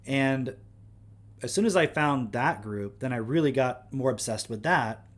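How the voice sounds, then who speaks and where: A man's voice: mid-range voice, animated, a little slow. Young guy rambling on his stream, lots of um and like, keeps correcting himself. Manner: rambling, self-correcting, frequent fillers. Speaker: livestream host. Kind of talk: casual rambling monologue.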